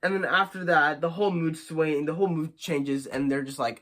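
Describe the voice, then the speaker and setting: Young male movie reviewer, slightly high voice, casual and animated, gets indignant fast. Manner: animated, indignant, quick to get worked up.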